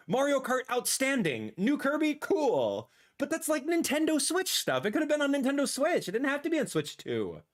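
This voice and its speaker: A young man streaming a live reaction, ranting and exasperated, with sudden loud outbursts. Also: very high-pitched, wildly swooping pitch, moderate pace, few pauses. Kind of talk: casual livestream reaction.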